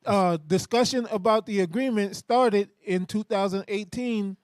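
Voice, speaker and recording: Male reader, high voice, slow deliberate pace, halting now and then. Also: darkish tone, clear, resonant tone, dry recording, clean studio sound. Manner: measured reading with halting restarts. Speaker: article reader. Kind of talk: reading news articles aloud.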